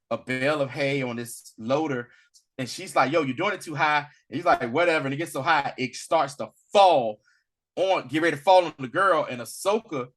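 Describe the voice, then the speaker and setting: A man co-hosting a casual review chat, retelling a story with animated, slangy acted-out lines. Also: a little high. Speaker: podcast co-host reviewing a series.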